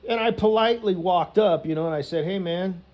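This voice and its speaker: A man's voice: high voice, fast talker, dull audio. A man telling a rambling, profane story, filling it with "you know" and laughs. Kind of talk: rambling casual rant.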